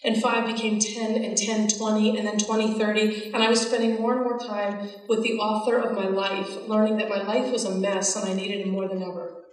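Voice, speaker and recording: A woman's voice: mid-range voice, level tone, moderate pace. A woman giving a personal faith testimony, telling her story earnestly and acting out the lines she quotes. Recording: echoey hall from far off.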